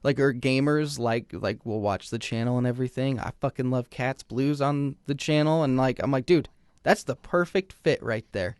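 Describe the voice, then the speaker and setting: A man's voice: mid-range voice, normal speed, a little mellow, clear, resonant tone, no room sound, clean studio sound. A man co-hosting a casual podcast, enthusiastic and swearing freely. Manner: enthusiastic, profane, says "dude" constantly. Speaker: podcast co-host, audio reviewer. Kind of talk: casual chat.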